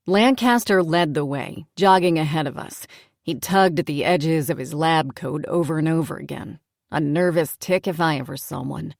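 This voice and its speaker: A woman narrating a first-person fantasy audiobook chapter in a measured, subdued way, recorded close in a studio. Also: sits low, creaky, no room sound.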